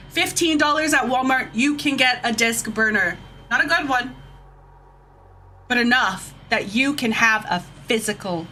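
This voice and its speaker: A woman's voice: on the high side, sharp tone, slight background noise. A woman streamer ranting heatedly and profanely to her chat, taking drinks as she goes. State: drinking shots. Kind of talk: casual livestream rant.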